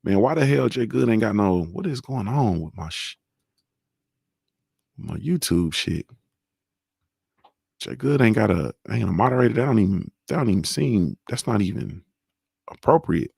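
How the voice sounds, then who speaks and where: A man's voice: fairly low pitch, expressive, moderate pace, vocal fry, long pauses, darkish tone, slightly rough, no echo, studio quality. A young man hosting a casual live-stream show about boxing, telling stories in loose, profane slang. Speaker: show host.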